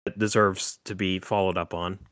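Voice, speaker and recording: A man with a somewhat low voice chats through a horror film plot as a podcast host, rambling with plenty of fillers and restarts. The recording is dry and close, with no room sound. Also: level tone, moderate pace, fairly bright tone, clean tone, no room sound. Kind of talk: casual movie chat.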